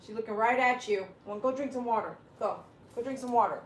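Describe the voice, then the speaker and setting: A woman's voice: on the high side, fairly quick, slight background noise. Chatty woman streaming from an echoey room. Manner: chatty, talks to her dogs and reads viewer comments aloud. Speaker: dog groomer and livestream host. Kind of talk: casual livestream chat. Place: at home with her dogs.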